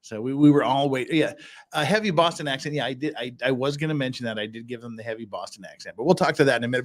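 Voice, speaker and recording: A man's voice: mid-range voice, racing. A man hosting a casual livestream, chatting and joking with frequent restarts. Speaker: livestream host.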